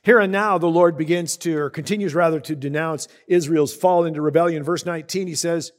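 A pastor preaches a teaching sermon, reading scripture aloud between comments and explaining it conversationally while often asking his listeners questions. His voice is fairly high, and he speaks briskly with hardly any pauses.

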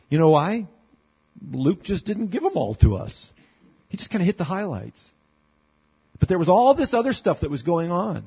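A male pastor preaching in a relaxed, conversational way, throwing in rhetorical questions and dry sarcasm. His voice sits a little high and sounds husky. The recording is dull and lo-fi, as from a church sound system. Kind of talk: expository sermon.

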